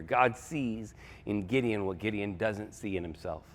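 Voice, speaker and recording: A man's voice: on the low side, moderate pace. A male pastor preaching a sermon in a conversational, emphatic style, repeating key phrases for effect.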